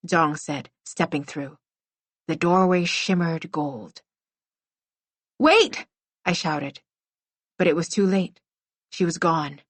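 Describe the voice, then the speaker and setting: A woman's voice: on the low side, no room sound. A woman reading a first-person middle-grade novel aloud as an audiobook narrator, telling it expressively.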